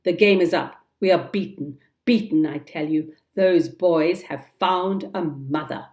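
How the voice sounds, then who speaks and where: Storybook pirate captain, blustering and furious, loud and slow, put on by a woman narrator. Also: lowish voice, animated.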